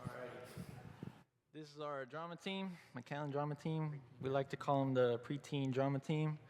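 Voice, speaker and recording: A man's voice: on the high side, normal speed, background noise. A man leading a youth drama team, introducing them casually and speaking straight to the group. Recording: distant mic in a reverberant hall.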